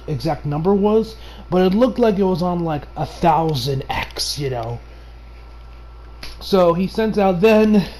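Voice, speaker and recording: A man's voice: sits high, slight background noise. A young man from the United States talking casually in an anime review, rambling with lots of fillers and bursts of laughter. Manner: laughs a lot, excitable.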